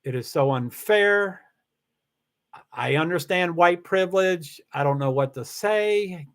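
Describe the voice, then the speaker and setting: A middle-aged man hosting a casual livestream, talking in a rambling, halting way with many restarts and fillers, candid and confessional about his life. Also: high voice, expressive, fairly bright tone. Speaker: livestream host. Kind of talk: casual personal livestream talk.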